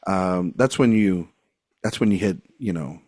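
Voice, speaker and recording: A man's voice: deep voice, unhurried, a little mellow, no echo, clean studio sound. A man hosting a podcast in casual, joking chat, rambling and laughing often. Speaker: podcast host.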